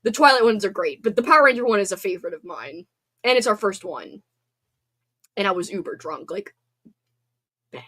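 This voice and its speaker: A woman's voice: medium pitch, animated, fairly quick, long pauses, a bit bright, slightly rough. A woman in her thirties hosting a casual livestream, chatting in a bubbly, talkative way with lots of fillers. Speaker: livestream host reading chat. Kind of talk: casual chat.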